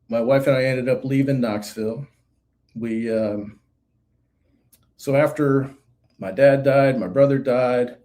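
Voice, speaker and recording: Middle-aged man, mellow and warm-toned, earnest and halting testimony, lots of fillers. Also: mid-range voice. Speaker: guest sharing recovery story. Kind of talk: reflective personal testimony.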